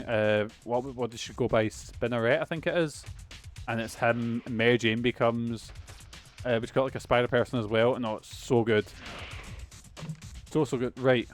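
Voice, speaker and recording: A young man streaming a video game, chatting casually, rambling, swearing and losing his train of thought, with soft music underneath. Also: mid-range voice. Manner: rambling, swears often, trails off mid-thought. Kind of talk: casual let's-play commentary.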